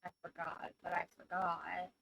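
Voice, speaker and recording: A woman streaming as a VTuber, chatting casually in a rambling, flustered way, apologizing and breaking into loud outbursts. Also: lowish voice, completely flat delivery, a little slow, creaky, rough recording. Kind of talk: casual live-stream chat.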